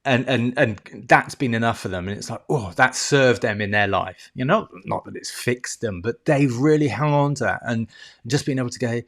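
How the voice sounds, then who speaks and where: Animated, emotional male life coach. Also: mid-range voice, normal speed. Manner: animated, wordy, restarts a lot, makes ding sound effects; emotional, swears casually. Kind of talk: casual teaching monologue to camera.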